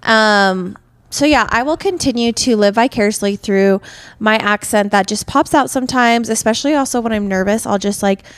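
A woman's voice: on the high side, no room sound. A woman in her late twenties with a Utah accent, co-hosting a podcast in a casual, playful, teasing way on a headset mic. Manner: chatty, playful, quick to tease. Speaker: podcast co-host. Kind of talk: casual chat.

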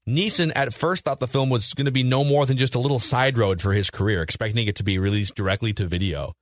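A man's voice: mid-range voice, quick pace, no room sound. Guy hosting a movie podcast, chatty, leading, dry close mic. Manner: leads the talk, quizzes the others. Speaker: podcast co-host. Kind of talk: casual film chat.

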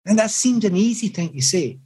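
A man's voice: high-pitched, fairly quick, husky, poor audio. A middle-aged man, a former footballer, telling reflective stories in an interview. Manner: reflective, animated anecdotes with restarts. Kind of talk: storytelling in an interview.

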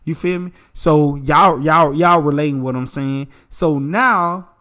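Animated preachy man, slightly high voice. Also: unhurried. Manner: animated, preachy, addresses listeners as bro and y'all. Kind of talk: casual advice talk.

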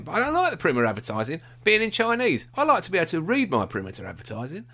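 A man rants about football in a casual podcast chat, indignant and self-mocking. His voice sits high and swings widely. He talks fast and sounds bright and forceful. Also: huge pitch swings.

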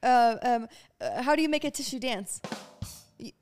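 A young woman chats as co-host on a podcast, playful and quick to giggle. Her voice is high and swoops widely up and down as she talks. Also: animated, a little mellow. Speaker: co-host, host's partner. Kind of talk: casual chat.

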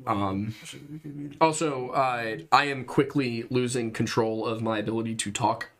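A man's voice: mid-range voice, steady tone, unhurried, fairly bright tone. A man co-hosting a casual podcast, reading comments and joking through the sign-off. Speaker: podcast co-host. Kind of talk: casual chat.

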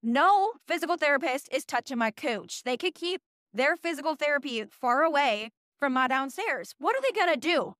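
A woman in her early twenties, hosting a podcast, tells a story in a casual, animated, profane and self-mocking way. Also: high voice, moderate pace, no room sound, studio quality. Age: early 20s. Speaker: podcast host.

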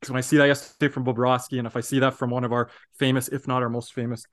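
A man's voice: mid-range voice, little pitch movement, very fast. A man co-hosting a fan podcast in casual sports chat, talking in a rambling, earnest way. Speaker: podcast co-host.

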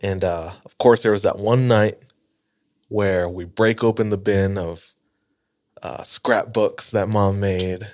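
A man in his early thirties from Hawaii, co-hosting a podcast and telling a story in a relaxed, rambling way. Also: on the low side, slow. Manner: laid-back storytelling with fillers. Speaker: podcast co-host. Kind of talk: casual chat.

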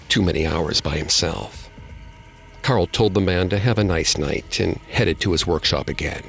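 A man reading a scripted horror story as narrator, dropping to a hush at tense moments. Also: moderate pace, soft background music. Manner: low, gravelly storytelling voice with dramatic hushed drops.

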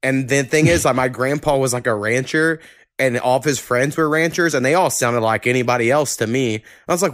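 Oklahoma dude hosting a podcast, light twang, chill and cussing, dry close sound. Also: male voice, mid-range voice, fairly quick, no room sound. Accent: Southern Oklahoma, mild. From Oklahoma, USA. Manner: relaxed, swears casually. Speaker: podcast host. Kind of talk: casual chat.

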